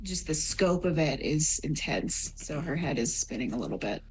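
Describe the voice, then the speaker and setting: A woman's voice: low voice, sing-song, normal speed, darkish tone. A woman playing a tabletop game, talking casually and animatedly about her character. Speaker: player. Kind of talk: tabletop role-play. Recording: faint music behind.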